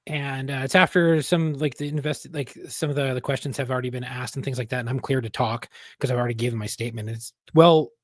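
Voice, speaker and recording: A man's voice: mid-range voice, fairly even intonation, quick pace, few pauses, dry recording, studio quality. A man co-hosting a podcast, a former police officer telling stories bluntly and with plenty of swearing. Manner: blunt, profane storytelling. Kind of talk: casual podcast conversation.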